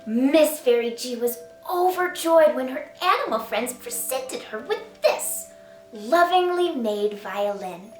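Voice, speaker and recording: A woman's voice: sits high, lively intonation, slow pace, roomy sound, recorded from a distance, soft background music. A woman, the author, reading her picture book aloud to children in a playful sing-song way, asking them to join in. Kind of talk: storytime read-aloud for children.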